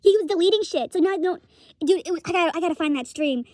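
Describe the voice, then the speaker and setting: Young woman vlogger, high voice, dry close sound, rambling swearing rant. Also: very fast, darkish tone, no echo. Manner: rambling, profane, laughs often. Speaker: streamer commentator. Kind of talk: casual rant commentary.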